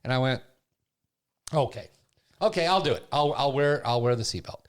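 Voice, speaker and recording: A man's voice: medium pitch, normal speed. An older man hosting a podcast, telling a personal story in a casual way and acting out what he and others said. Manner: animated storyteller who acts out his own past voices. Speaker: podcast host.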